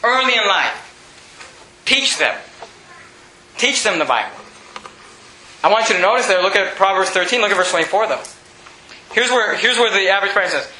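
A man preaches with a bright, sharp edge and a high pitch, repeating his points and rising into shouts. His voice rings in an echoey room with faint ambience behind it. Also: animated, fairly quick, pauses often, slight background noise. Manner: emphatic, repetitive, often shouting. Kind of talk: sermon.

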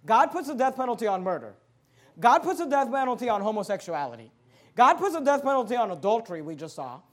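A man preaching a sermon and reading scripture aloud, fervent and emphatic, dropping quiet and then rising loud. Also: very high voice, sing-song, quick pace.

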